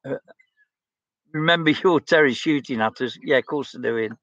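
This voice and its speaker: A man's voice: mid-range voice, moderate pace, a bit bright, no room sound. Man in his sixties, blunt and outspoken, casual stream host, dry lo-fi recording. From England. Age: 60s. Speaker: livestream host. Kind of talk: casual chat reading viewer comments.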